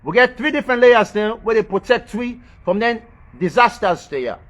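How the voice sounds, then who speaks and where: A man delivering a rambling monologue in creole-tinged informal English. He repeats phrases for emphasis and chuckles softly to himself. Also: sits high, animated, normal speed. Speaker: social media commentator. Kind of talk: rambling spoken monologue about planets and religion.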